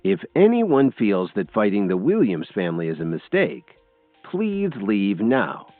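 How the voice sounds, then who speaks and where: A calm, confident young executive speaks slowly and deliberately in a deep voice, as a male narrator plays him. The sound is thin and phone-like and dry, over faint music. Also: no echo, full character voice. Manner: calm and measured, with low deliberate delivery.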